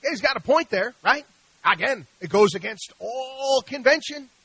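Male radio host, high bright voice, dry studio sound, preachy and emphatic monologue. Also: animated, normal speed, breathy edge, no echo, low-quality recording. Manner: emphatic, preachy, rhetorical questions.

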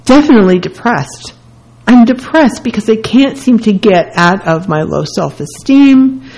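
A woman's voice: a little high, expressive, unhurried, darkish tone, rough recording. A woman hosting a self-help radio talk, speaking earnestly and candidly in short repeated phrases. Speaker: radio host.

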